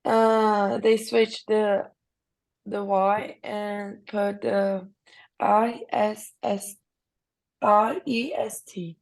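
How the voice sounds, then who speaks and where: Brazilian girl student, super slow and gravelly, hesitant and hunting for words. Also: medium pitch, fairly even intonation, darkish tone, low-quality recording. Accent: Brazilian Portuguese. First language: Portuguese.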